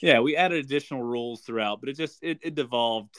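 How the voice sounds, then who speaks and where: A man's voice: medium pitch, fast talker, a loud crowd. A man co-hosting a podcast who explains things plainly in an easygoing way. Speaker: podcast co-host. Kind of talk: casual chat.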